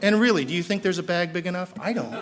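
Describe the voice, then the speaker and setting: A middle-aged man with a Southern Californian accent, telling his recovery story at a meeting and acting out the people in it, rising loud and high when excited. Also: fast, a loud crowd, heavy background noise. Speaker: AA speaker.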